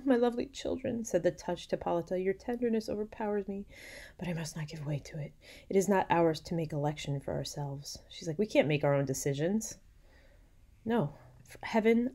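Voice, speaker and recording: A young woman with a low, mellow voice gives a relaxed literature lecture. She reads old passages aloud with theatrical flair, then recasts them in slangy everyday paraphrase. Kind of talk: casual recorded lecture, reading aloud and paraphrasing.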